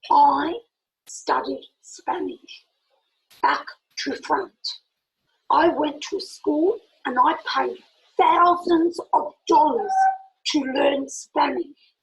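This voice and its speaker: A middle-aged woman telling a personal story in a lively, animated way, acting out the dialogue as she goes. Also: sits high, vocal fry, rough recording. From Italy. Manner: animated, acts out quoted dialogue, laughs often. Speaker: speaker.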